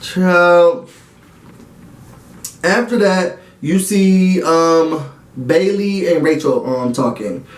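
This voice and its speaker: Male reality-show reviewer with a high, lively voice, dramatic and chatty, recorded with a roomy echo. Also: very slow, long pauses, a little hiss or hum. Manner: animated, dramatic and slangy, talks to viewers directly. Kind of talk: casual episode recap and review.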